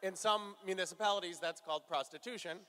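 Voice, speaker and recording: A man answering fan questions at a convention panel in a loose, playful way, laughing often and filling pauses with ums. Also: high-pitched, sharp tone, a little hiss or hum. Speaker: actor, convention panel guest. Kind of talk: joking convention Q&A chat.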